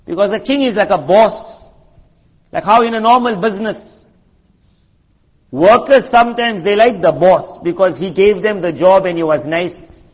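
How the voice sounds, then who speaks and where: A man with a high, husky voice preaches a sermon, talking to his listeners in a chatty, storytelling way. He keeps asking rhetorical questions. The recording sounds muffled and lo-fi. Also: normal speed, big-room sound. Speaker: Islamic preacher.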